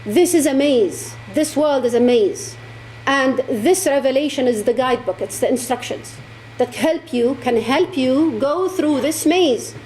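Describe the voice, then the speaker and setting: A woman's voice: sits high, a little slow, a little mellow, a little hiss or hum. Impassioned woman. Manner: impassioned, repeats words for emphasis. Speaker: speaker at a religious talk. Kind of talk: religious talk to an audience. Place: lecture hall.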